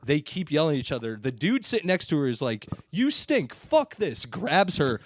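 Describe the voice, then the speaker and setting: A man's voice: brisk, dry recording, studio quality. A man hosting a podcast, telling a story in a casual chat and acting out the people in it with big jumps in his voice. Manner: animated storyteller, acts out quoted people with big pitch jumps. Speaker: podcast host.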